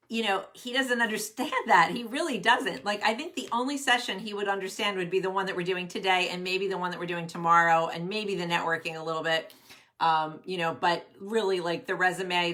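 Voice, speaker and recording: Bubbly, bright-voiced career coach woman. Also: on the low side. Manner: bubbly and chatty, greets viewers by name. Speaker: career coach hosting a live workshop. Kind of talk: casual live-stream talk. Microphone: webcam at desk.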